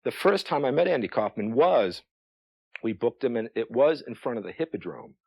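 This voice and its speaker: A man's voice: mid-range voice, very animated, normal speed, gravelly, a little mellow, breathy edge, no echo. A man who books acts, telling an interview anecdote with stammers and chuckles.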